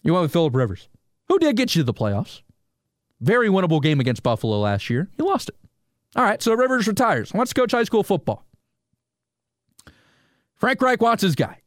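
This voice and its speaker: This solo sports podcast host has a high-pitched voice, talks fairly quickly, and pauses often. The recording is dry and studio quality, and he rants animatedly, asking rhetorical questions and addressing listeners directly.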